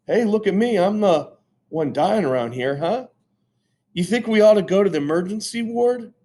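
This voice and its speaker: A man's voice: high voice, animated, normal speed, mellow, voice pushed up. A man doing a cocky schoolboy. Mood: boastful. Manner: breezy and teasing. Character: cocky, cool fourth-grade boy.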